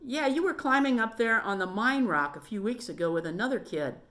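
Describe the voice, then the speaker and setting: A woman's voice: a little high, expressive, fairly quick, fairly bright tone, pitched above the performer's own voice. Woman doing an eager, chatty young boy.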